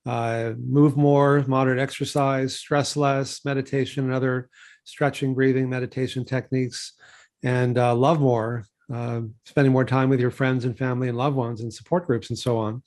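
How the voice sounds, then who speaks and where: A man in his sixties from Texas, a physician telling stories from his career in a relaxed conversational way, full of fillers and restarts. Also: medium pitch, normal speed. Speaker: physician and researcher. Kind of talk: conversational interview storytelling.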